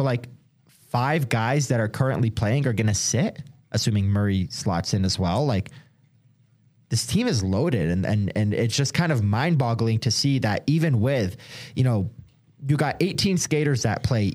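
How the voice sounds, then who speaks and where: A man's voice: medium pitch, darkish tone. A young man co-hosting a podcast, chatting casually and rambling with lots of filler words. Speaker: sports podcast co-host; hockey reporter. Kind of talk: casual chat.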